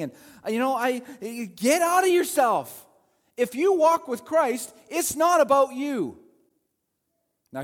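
A male pastor preaching a sermon, with animated delivery that swings between loud emphasis and quiet asides. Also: high voice, in a large hall. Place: church sanctuary. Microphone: handheld or headset mic with feedback.

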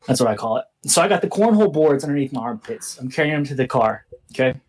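Husky young man telling a story. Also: mid-range voice, fast. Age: young adult. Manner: animated, swearing, laughs through his story. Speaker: podcast co-host. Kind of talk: casual storytelling.

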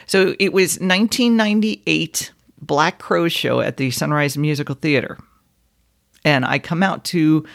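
A woman's voice: deep voice, creaky. Self-mocking woman podcaster telling stories. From South Florida. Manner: self-deprecating, laughs at her own stories. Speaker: podcast host, former radio personality. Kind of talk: casual storytelling monologue.

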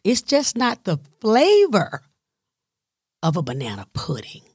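Slow-talking Southern woman storyteller. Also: mid-range voice, wildly swooping pitch, a little mellow, slightly rough, no room sound, clean studio sound. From Southern United States. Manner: chatty, digressive, playful asides to listeners. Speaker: storyteller, caregiver. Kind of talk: casual storytelling monologue.

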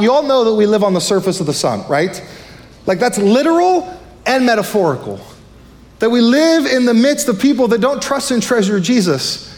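A male pastor with a high voice preaches with energy and speed, his words tumbling out as he presses his points. His sermon rings out through a church hall, trailing a long reverb. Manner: fired up, fast-talking preacher. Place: church sanctuary.

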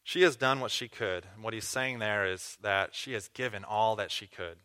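A man's voice: lowish voice, normal speed, hardly any pauses, sharp tone, smooth. A man preaching a sermon, teaching earnestly through a scripture passage with questions to the listeners. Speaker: pastor.

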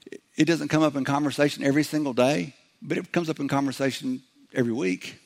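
A middle-aged man preaching a sermon in a conversational way, slipping into quick acted-out voices as he goes. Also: fairly high pitch, fairly even intonation, gravelly. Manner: conversational preaching, acts out little quoted voices. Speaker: pastor.

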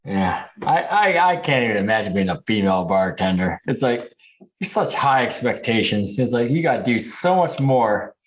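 A man hosting a casual chat, animated and laughing, with quick asides. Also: medium pitch. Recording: echoey room.

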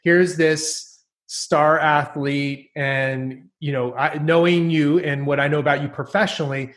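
A man's voice: on the high side, steady tone, unhurried, a bit bright. A middle-aged man hosting a conversational interview as a coach, asking probing follow-up questions in an encouraging way.

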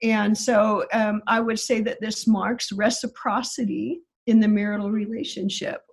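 A woman explaining the grammar of a biblical Greek passage in a careful, technical and slightly halting way. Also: medium pitch, little pitch movement, vocal fry, husky. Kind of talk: explanatory interview talk.

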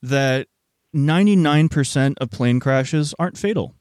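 A young man in a deadpan improvised comedy bit, agreeing earnestly and adding straight-faced reasoning. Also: medium pitch, no room sound, clean studio sound. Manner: agreeable, earnest, quick back-channel replies.

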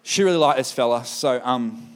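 A man preaching a sermon in a relaxed, conversational storytelling manner. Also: mid-range voice, normal speed.

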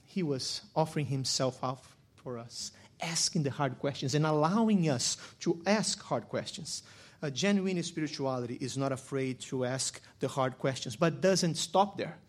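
A male pastor preaching a sermon, moving between quiet, reflective passages and loud, emphatic ones. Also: a little high, moderate pace.

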